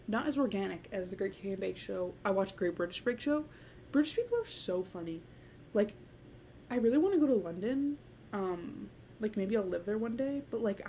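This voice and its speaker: A woman's voice: mid-range voice, dark tone, a little hiss or hum. Giggly teen girl rambling on a podcast. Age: late teens. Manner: rambling, heavy use of "like", giggly. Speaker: podcast host. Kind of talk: casual solo podcast chat.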